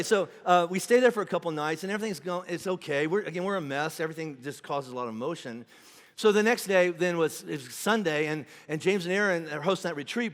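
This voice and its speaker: Animated man preaching in a reverberant hall. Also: on the high side. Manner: animated comic storytelling, swings between loud and hushed. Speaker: pastor. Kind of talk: sermon. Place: large church auditorium.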